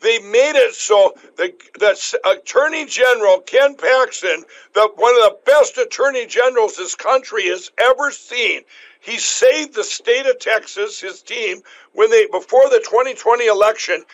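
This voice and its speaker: A man hosting a talk show, talking in a rambling, emphatic way with many restarts, his voice going hoarse. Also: very high voice, moderate pace, fairly bright tone, low-quality recording. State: losing his voice. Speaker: show host. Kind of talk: casual talk show chat.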